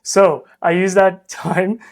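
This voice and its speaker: A man's voice: high-pitched, fairly even intonation, slow. A young man from Hong Kong with an international accent, talking earnestly and reflectively as a veterinarian guest on a podcast. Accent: international, hard to place. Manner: earnest, reflective, with light laughs.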